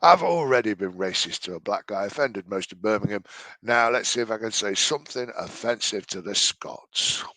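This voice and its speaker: A man's voice: lowish voice, normal speed, pushed and bright, dry recording. A man giving mocking, exasperated reaction commentary on a video, swearing freely.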